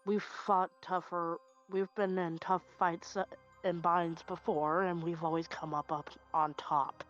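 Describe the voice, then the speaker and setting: A woman's voice: lowish voice, level tone, measured pace, lo-fi sound, faint music behind, natural voice. A woman playing a steadfast male knight who speaks earnestly and encouragingly as he rallies his friends, in a tabletop game.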